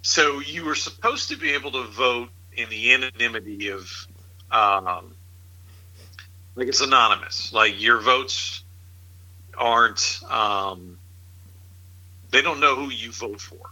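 A man's voice: medium pitch, takes it slowly, pauses often, bright, forceful tone, poor audio. A middle-aged man in casual political chat, rambling and incredulous, with frequent laughs.

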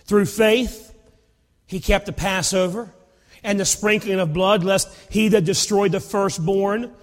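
High-voiced preacher in an echoey hall. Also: male voice, measured pace. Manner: animated storytelling with acted dialogue and repetitions. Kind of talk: sermon.

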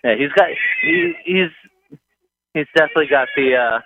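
A man in his thirties calls in to tell a story, rambling and hesitant, with lots of fillers. His voice is fairly high and moves at a normal speed. The tinny, dry phone line carries slight background noise.

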